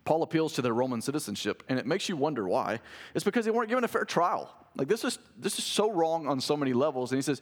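A man preaching a sermon, animated and conversational, with asides to the congregation and quick restarts. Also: a little high. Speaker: pastor.

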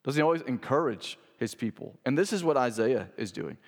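Pastor preaching in a reverberant hall. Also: male voice, medium pitch, animated, fairly quick. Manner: rhetorical questions, emphatic and conversational. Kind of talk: sermon.

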